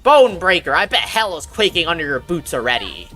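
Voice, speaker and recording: A stern orc warrior woman with a low, bright voice, read out by a woman. She speaks in a plain, measured way and stays close to an everyday voice. Faint music plays underneath. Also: big pitch swings. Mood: rousing. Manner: reads lines aloud in a plain, measured way.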